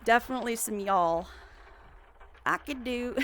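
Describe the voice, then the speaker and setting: A woman's voice: a little high, a little slow, a bit bright, a little hiss or hum. A young woman livestreaming, chatting casually and rambling with giggles and restarts.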